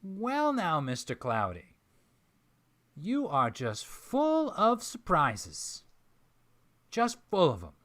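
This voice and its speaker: A man voicing a genial older Southern gentleman with wild white hair, speaking in a drawling Southern accent. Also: sits high, wildly swooping pitch, slow pace, pauses often, pitched above the performer's own voice, heavily acted. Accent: American Southern. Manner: drawling, folksy.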